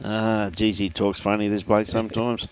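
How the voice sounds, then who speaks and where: A man's voice: lowish voice, level tone, moderate pace, clear, resonant tone. A man commentating live lawn bowls, chatty and jokey, reeling off scores and bantering with his co-host. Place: bowls club.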